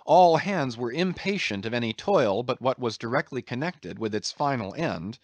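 A man reading a classic novel aloud as an audiobook narrator, in an expressive, measured storytelling manner. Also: mid-range voice, dry recording. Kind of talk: scripted narration.

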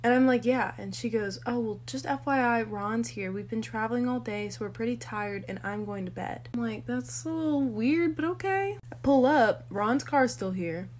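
Gossipy young woman, a bit high. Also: moderate pace, hardly any pauses, a little hiss or hum. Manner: gossipy, sarcastic and animated. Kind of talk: casual storytelling vlog.

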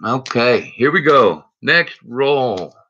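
A man's voice: medium pitch, expressive, slow pace, pushed and bright, husky, highs cut off. A man hosting a casual home live stream, chatting to viewers and greeting them by name as he searches coin rolls. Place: indoors at home.

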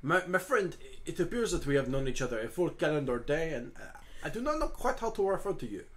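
Man playing a pompous courtly adventurer, lively pitch, elaborate manners. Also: fairly quick. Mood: flowery polite. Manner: grandiose formal speech, stumbles and restarts. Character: pompous courtly male adventurer, flowery and polite.

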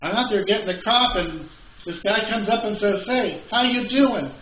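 A man's voice: high voice, normal speed, slight background noise, voice pushed up, natural voice. A male preacher voicing a puzzled young woman new in town, questioning and baffled. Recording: echoey, slightly dull church recording.

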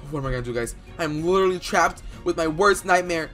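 Excitable young man in game role-play. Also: on the high side, quick pace, few pauses. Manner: excitable and dramatic, swinging into loud outbursts; rambling with fillers. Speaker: YouTuber playing a bee in Minecraft. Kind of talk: Minecraft role-play commentary. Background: faint background music.

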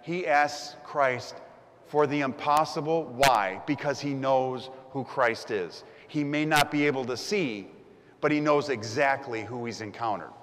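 Man, pastor, sermon, vivid storyteller, mid pitch, long hall reverb. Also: a little slow, slight background noise. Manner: storytelling, lively, acts out the crowd's voices.

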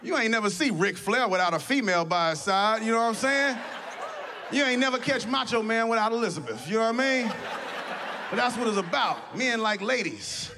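A male stand-up comedian on a comedy stage, telling stories in an animated, conversational way into a handheld mic. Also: sits high, slight background noise. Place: comedy stage before an audience.

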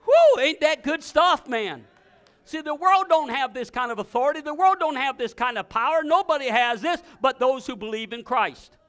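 High, bright-voiced preaching man. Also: expressive, normal speed. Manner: emphatic preaching with sudden shouted commands; repeats phrases and restarts in bursts. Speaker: pastor. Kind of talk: sermon.

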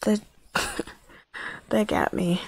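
A woman plays horror games and talks through them in a slow, unhurried way. She reacts to scares with gasps and startled remarks. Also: no room sound. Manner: jumpy, gasping reactions. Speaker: horror game player. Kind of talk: let's play commentary.

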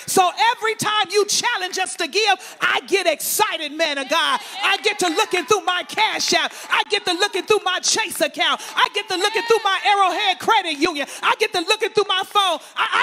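High gravelly preacher man, shouting the sermon, bright cutting tone. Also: a little hiss or hum. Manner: call-and-response preaching with repetitive lists.

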